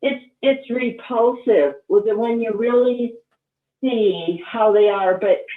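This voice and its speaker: An older woman phones in to a talk show and tells her memories earnestly, pausing on many ums. Her voice comes through a thin, phone-like line with a roomy echo. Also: fairly high pitch. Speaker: caller. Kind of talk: call-in show chat. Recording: tinny phone line, echoey.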